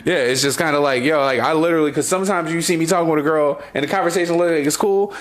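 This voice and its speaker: A man's voice: on the high side, racing. A man in his thirties co-hosting a podcast in casual chat, rambling with lots of fillers. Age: 30s. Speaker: podcast co-host.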